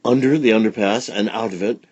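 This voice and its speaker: A man reading a children's story aloud in a playful, expressive way. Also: lowish voice, fairly quick, dry recording, dull audio.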